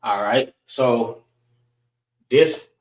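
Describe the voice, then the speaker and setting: A man teaches a class, walking through letter sounds slowly and patiently. He repeats each sound and checks in with "all right" as he goes. His voice carries a roomy echo. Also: mid-range voice.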